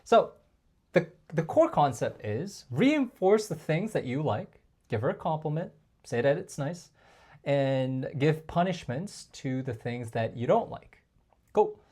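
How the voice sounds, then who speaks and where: A man coaching male viewers on dating in a casual, chatty talk to camera, often calling them guys and filling pauses with like and um. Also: a little high, very animated, dark tone, slightly rough. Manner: chatty, addresses viewers as guys, frequent fillers.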